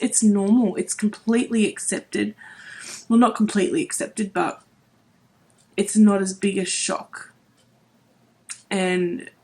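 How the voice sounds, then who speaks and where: A woman in her thirties vlogging about makeup, emotional and close to tears, speaking earnestly with many fillers. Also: medium pitch. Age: 30s. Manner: emotional, voice wavering near tears; earnest, repeats herself, many "like"s. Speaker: beauty vlogger. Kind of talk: emotional vlog to camera.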